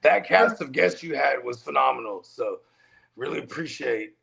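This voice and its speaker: A man's voice: medium pitch, animated, moderate pace, vocal fry, over a noisy crowd. A man chatting casually as a guest on a live stream, joking and laughing often. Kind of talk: casual chat.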